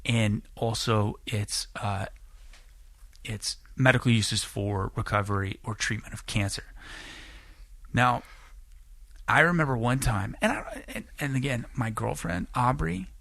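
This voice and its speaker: Rambling late-twenties man, crisp dry voice. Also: mid-range voice, unhurried, no echo. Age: late 20s. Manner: rambling, profane, animated when acting out quotes. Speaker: podcast guest. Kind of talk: casual podcast storytelling.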